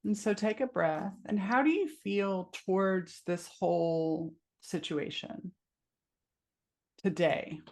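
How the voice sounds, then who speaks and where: A woman coach speaking gently and slowly, guiding a client through a coaching session over a video call. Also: fairly low pitch. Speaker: IFS coach.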